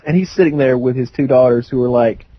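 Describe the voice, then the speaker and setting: A man's voice: medium pitch, fast talker, highs cut off. A man in his early twenties, a podcast host, telling a rambling, amused story in casual talk full of fillers. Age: early 20s.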